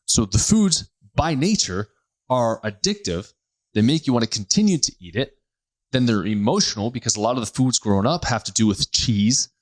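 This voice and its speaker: Lowish voiced guy ranting bluntly about diet on his podcast, lots of asides, dry close sound. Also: no echo. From United States. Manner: blunt, animated, with quick self-corrections and asides. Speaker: podcast host, chiropractor. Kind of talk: casual health podcast monologue.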